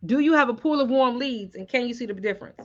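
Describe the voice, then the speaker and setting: A woman's voice: fairly high pitch, fast, dull audio. A woman sales coach talking on a live stream, often stopping to ask viewers whether it makes sense. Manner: keeps checking in with viewers.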